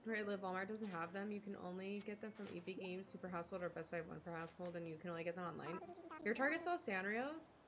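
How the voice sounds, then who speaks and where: A woman's voice: mid-range voice, quick pace, background noise. A young woman streamer chatting casually while she plays a cozy life-sim game, rambling and talking to her chat.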